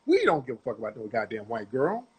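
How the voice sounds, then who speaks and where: A man's voice: medium pitch, wildly swooping pitch, fast, breathy edge. A middle-aged man giving blunt, profane, lecturing commentary on a video clip.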